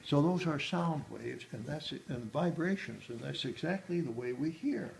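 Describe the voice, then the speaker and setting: A man's voice: fairly high pitch, animated, moderate pace, creaky, a little mellow. A man giving a museum tour, explaining exhibits in a rambling way with many hesitations and restarts. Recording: echoey room, faint background noise.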